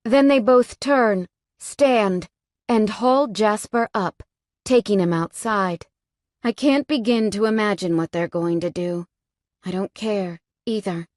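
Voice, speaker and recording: A woman reads a first-person romance audiobook with tense drama. She takes her time, and her voice is dry and close with no room sound. Her pitch sits mid-range. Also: slow pace, a little mellow, dry recording. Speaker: audiobook narrator.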